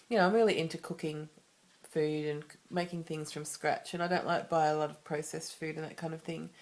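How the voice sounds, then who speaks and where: A woman with an Australian accent talking to camera in a personal vlog, candid and rambling, with many restarts and asides. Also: sits low. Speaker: vlogger.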